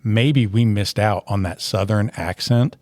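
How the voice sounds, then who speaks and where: A man's voice: on the low side, unhurried, darkish tone, no echo, clean studio sound. A man from Tennessee with a general American accent, hosting a casual, joking interview chat as a teacher. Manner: chatty, jokey, teasing. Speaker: teacher and podcast host.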